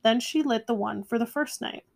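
A woman reading a children's picture book aloud in a gentle, measured way. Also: fairly high pitch, vocal fry. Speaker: storyteller. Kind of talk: storybook read-aloud.

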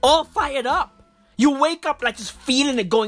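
A woman's voice: high voice, normal speed, a bit bright, soft background music. A woman hosting a podcast from a recording booth, with a stuffy, blocked nose, ranting in a profane, rambling, slangy way. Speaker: podcast host. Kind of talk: comedic rant.

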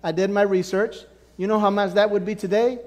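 Preaching with sweeping emphasis, a pastor speaks in a notably high voice that stays steady in tone and moves fairly quickly. He punches certain words hard and lets others sink to near nothing, and the sound rings with long reverb as in a big church hall.

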